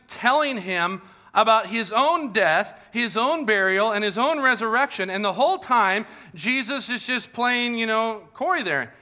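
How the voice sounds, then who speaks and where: Bright high-voiced pastor, joking and upbeat. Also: male voice, lively intonation, normal speed. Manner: casual, joking, upbeat preaching with fillers. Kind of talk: Easter sermon. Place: packed church with live congregation.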